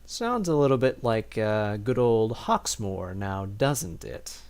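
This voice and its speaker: Animated, rambling male game streamer. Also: lowish voice, slow, slight background noise. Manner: chatty, rambling, thinks aloud with many restarts. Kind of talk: casual livestream commentary.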